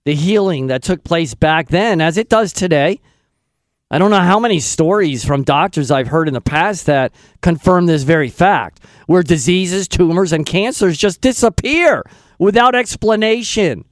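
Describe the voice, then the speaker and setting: A man's voice: high voice, animated, normal speed, dry recording, studio quality. A man hosting a talk radio show, speaking in an emphatic, opinionated and rambling way.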